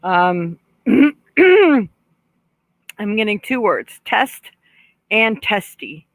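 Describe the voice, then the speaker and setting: Lady psychic doing a live stream reading, chatty, clears her throat a lot, dry close sound. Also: medium pitch, big pitch swings, drawn-out words, no room sound, poor audio. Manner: chatty, reads out viewer comments, relays spirit messages; frequent throat clearing and small laughs. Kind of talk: casual live-stream chat and card reading.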